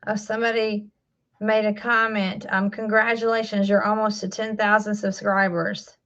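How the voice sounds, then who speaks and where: A woman's voice: medium pitch, little pitch movement, normal speed, a bit bright, dull audio. A woman in her forties from the American South, with a Southern drawl, chatting casually and rambling on a livestream. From Southern United States. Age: 40s. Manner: rambling, many fillers and restarts. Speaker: livestream host. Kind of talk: casual live-stream chat.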